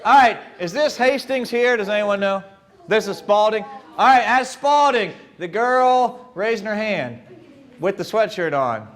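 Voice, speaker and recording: A high-voiced man tells a story live before a young crowd. His pitch swoops and leaps all over the place, and he keeps playfully stopping to speak with his listeners. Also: a little slow. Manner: animated and playful, talks to the crowd. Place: live event before an audience.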